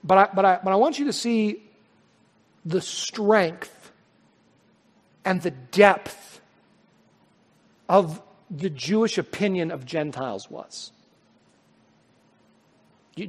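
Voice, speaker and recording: A man's voice: high voice, lively intonation, slow, pauses often, slightly rough. A man preaching a sermon, reading scripture and talking conversationally with emphatic, stammering restarts. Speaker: pastor. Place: church sanctuary. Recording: long hall reverb.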